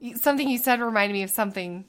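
A woman in her thirties co-hosting a podcast, telling family stories in a casual, animated way, laughing and acting out quotes. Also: a little high, racing, smooth. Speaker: podcast co-host. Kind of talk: casual storytelling chat.

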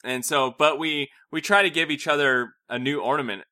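A man's voice: fairly high pitch, a little fast, sharp tone. A man in his thirties co-hosting a family vlog, easygoing and chuckling along with his partner. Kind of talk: casual chat.

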